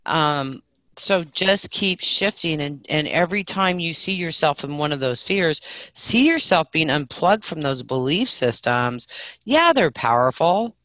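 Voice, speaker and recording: A middle-aged woman teaching a live online spiritual class, telling stories with big swings between loud and soft. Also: fairly low pitch, dry recording.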